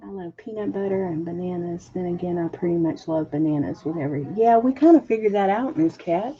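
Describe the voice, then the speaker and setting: A woman with a husky, dark voice chats unhurriedly with her livestream viewers and reads their comments aloud. She talks in a chatty way and laughs often. The audio is dull and lo-fi. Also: on the low side, fairly quick. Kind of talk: casual livestream chat.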